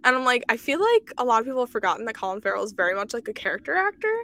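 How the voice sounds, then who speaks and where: Young woman co-host, enthusiastic casual talk, fillers, higher voice. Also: very animated, sharp tone, no echo. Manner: enthusiastic, filler-heavy, quick reactions. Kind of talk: casual chat.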